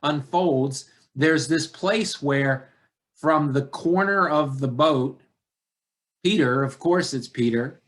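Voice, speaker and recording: A man preaching a sermon as pastor, deliberate and searching, addressing the congregation with repeated rhetorical questions. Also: on the high side, a bit bright.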